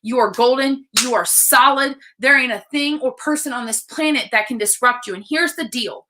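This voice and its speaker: Blunt, excited woman coach in her thirties; bright, slightly high voice, casual livestream delivery. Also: normal speed, few pauses. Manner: blunt, excited, swears freely. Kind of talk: casual live-stream talk.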